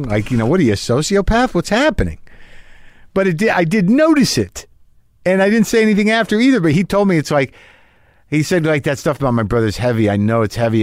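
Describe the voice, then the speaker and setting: Male podcast host, casual and rambling, self-mocking, mid-pitched, dry close mic. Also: darkish tone, no room sound. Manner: rambling, self-deprecating, many fillers and restarts. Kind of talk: casual chat.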